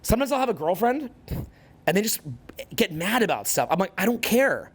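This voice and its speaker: A man's voice: sits high, big pitch swings, fairly quick, slightly rough. Fired-up, swearing man in his forties. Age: 40s. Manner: profane, intense and emphatic, hammering points through repetition. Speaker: social skills coach. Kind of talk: motivational talk to an audience.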